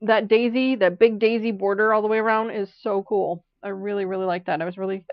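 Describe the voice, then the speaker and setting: This quilting channel host talks fairly quickly in a steady, medium-pitched voice, hiccuping as she rambles and laughs through her live sewing stream. The audio is lo-fi, with a bit of background noise.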